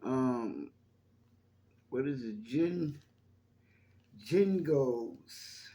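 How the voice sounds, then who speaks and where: Rambling mellow-voiced man in an echoey room. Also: medium pitch, measured pace, slight background noise. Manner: rambling, chatty, addresses viewers as y'all. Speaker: YouTube channel host. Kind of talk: casual spoken monologue on faith.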